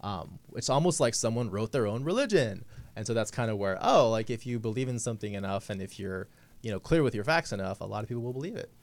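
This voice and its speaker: Male author guest, lively chatty storyteller, studio radio. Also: on the low side, fast talker, dry recording. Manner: chatty, animated, quotes his own thoughts. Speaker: novelist guest. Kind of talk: casual talk-show chat.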